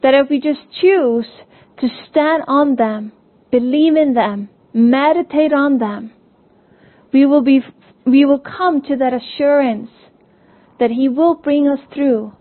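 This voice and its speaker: Woman, sermon, earnest, gentle storytelling, high voice, tinny phone-like sound. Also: measured pace. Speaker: preacher.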